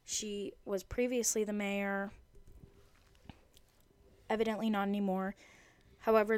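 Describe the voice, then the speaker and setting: A woman's voice: mid-range voice, flat delivery, a little slow, pauses often, darkish tone, no room sound. A woman of twenty hosting her own podcast, chatting in a rambling, jokey way. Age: 20s. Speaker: podcast host. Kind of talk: casual solo podcast chat.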